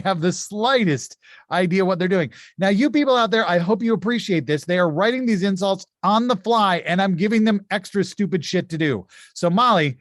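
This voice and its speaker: A man hosting a streamed insult comedy game, brisk and joking, often laughing as he reads out the rules. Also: high-pitched, dry recording, studio quality.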